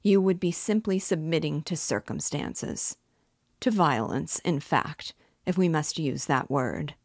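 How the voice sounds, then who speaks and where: A woman reading aloud as an obsessive, menacing male nobleman, slow and quietly intense. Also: low voice, no echo, clean studio sound. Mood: smooth, calculating. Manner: slow, quietly intense pleading turning coldly mocking. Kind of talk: audiobook reading.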